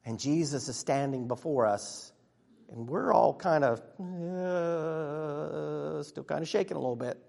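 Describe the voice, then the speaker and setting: A man playing an earnest, excitable disciple who tells his own story in a church monologue, chatty with sudden hushes and bursts. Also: a little high, unhurried, creaky. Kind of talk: first-person dramatic monologue. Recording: long reverb of a large hall.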